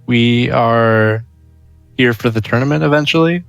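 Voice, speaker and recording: A man's voice: mid-range voice, measured pace, creaky, dry recording, soft background music. Easygoing male tabletop player. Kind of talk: tabletop game play.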